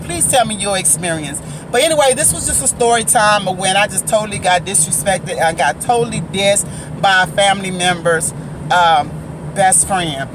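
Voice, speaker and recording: A woman recording a story-time vlog on her phone, her bright, forceful voice pressing each point home. She keeps turning to her viewers and asking what they think. Faint street and car noise sits behind her. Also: mid-range voice. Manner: emphatic, keeps addressing viewers as guys and asking their opinion. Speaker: vlogger and faith prophetess.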